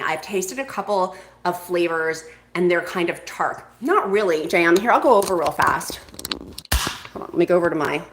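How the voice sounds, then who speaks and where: A woman's voice: fairly low pitch, fairly bright tone. A woman hosting a casual live stream, chatty and bubbly, reading viewer comments aloud. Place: home kitchen. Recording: echoey room, faint noise.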